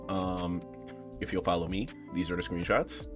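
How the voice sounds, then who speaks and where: With music in the background, a man commentates a horror game for his YouTube channel in a relaxed let's-play style. He rambles and jokes, addressing viewers as "bro" and "y'all". His voice is low-pitched with little pitch movement, at a moderate pace.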